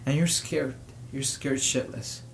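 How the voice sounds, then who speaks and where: A man hosting his own show, giving personal commentary with emotion, pausing often and rising to indignation. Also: medium pitch, fairly even intonation, gravelly, slight background noise. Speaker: podcast host.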